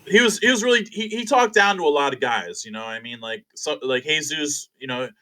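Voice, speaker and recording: A young man, a fighter guest on an interview show, telling stories in a casual, animated, profane way and acting out other people's lines. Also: fairly high pitch, a little fast, rough recording. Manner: animated, profane, acts out quotes.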